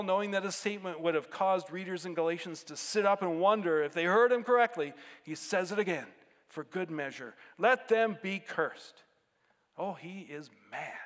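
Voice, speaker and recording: Guy preaching a sermon, talks casual then punches words hard, echoey church hall. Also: high-pitched. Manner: conversational, animated with bursts of emphasis. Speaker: pastor.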